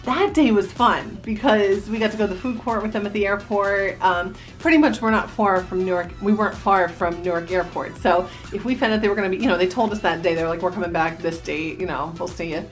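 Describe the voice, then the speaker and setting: A woman's voice: medium pitch, fairly quick, few pauses, faint music behind. A woman in her thirties from New Jersey, a vlogger casually telling a story to the camera and reminiscing in a chatty way. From New Jersey, USA. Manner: chatty, animated reminiscing with quoted voices.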